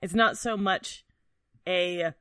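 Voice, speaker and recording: A tabletop game player who is excitable, swearing and blurting out reactions. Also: medium pitch, slow pace, no room sound, studio quality. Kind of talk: casual tabletop game play.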